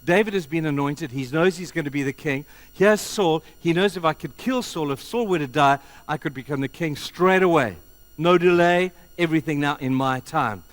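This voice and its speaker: A man preaching a sermon, retelling stories with lively swings between loud bursts and hushed moments. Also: fairly high pitch, moderate pace, no room sound. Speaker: pastor.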